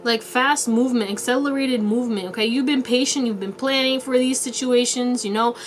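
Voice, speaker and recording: A woman's voice: on the high side, brisk. A woman giving a casual tarot reading to her viewers, playful and chatty with a lot of slang and frequent laughter. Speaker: tarot reader.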